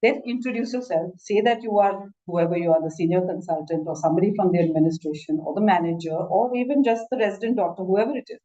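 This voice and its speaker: A woman's voice: fairly low pitch, fast talker, hardly any pauses, mellow, lo-fi sound. A woman doctor with an Indian English accent giving an instructive lecture, often saying "you know" and restarting her sentences. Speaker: doctor teaching a masterclass.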